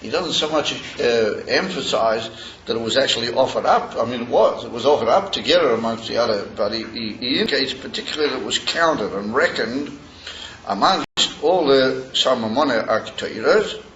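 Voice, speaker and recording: A man teaching a Torah class in a halting way, with many pauses and fillers, reading Hebrew verses slowly. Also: medium pitch, lively intonation, a bit bright, a little hiss or hum. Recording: roomy dull lo-fi recording.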